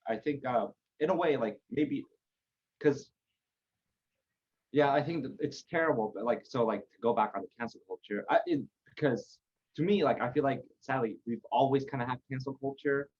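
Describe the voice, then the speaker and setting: Husky man rambling on a lo-fi podcast. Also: mid-range voice, moderate pace, a little mellow. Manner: rambling, lots of fillers and restarts. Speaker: podcast guest. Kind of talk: casual conversation.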